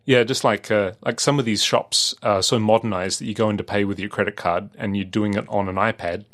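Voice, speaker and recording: A man's voice: on the low side, fairly even intonation, a little fast, fairly bright tone. A man with an Australian accent, co-hosting a podcast in casual chat, rambling with many fillers and restarts. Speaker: podcast co-host.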